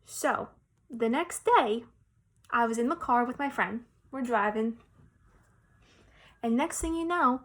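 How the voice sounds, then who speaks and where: Teacher lady telling a story to little kids, slow and expressive, fairly high voice. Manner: expressive, explains simply to kids. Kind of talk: storytelling for young children.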